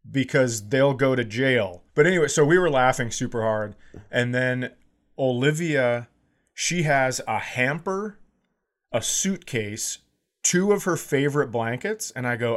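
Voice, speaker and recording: A man in his forties tells a funny story in loose, casual chat. He acts out the people he quotes and swings between calm telling and louder bursts. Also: mid-range voice. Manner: animated, acts out quoted voices loudly. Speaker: podcast co-host.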